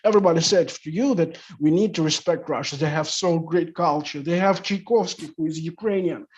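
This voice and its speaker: Man with halting non-native English. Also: fairly high pitch, darkish tone. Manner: halting non-native English, many "you know" fillers. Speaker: guest. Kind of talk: panel discussion. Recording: muffled lo-fi audio.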